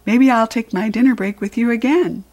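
A woman's voice: a little high, moderate pace, a little mellow, voice pushed up, close to an everyday voice. A woman voicing a cheerful, joking middle-aged man who cleans a school at night, in a storybook read-aloud. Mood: jovial. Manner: jovial, chatty, teasing.

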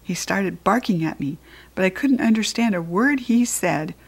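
A woman reading a children's story aloud in the first person, in a lively, expressive and playful way. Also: mid-range voice, moderate pace, vocal fry, husky. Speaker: audiobook reader.

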